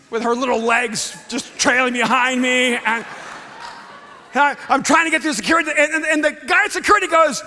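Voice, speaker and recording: A man in his fifties preaching a sermon as a pastor, telling a story with animated swings from hushed to shouting. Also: very high-pitched, fairly quick. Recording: long hall reverb.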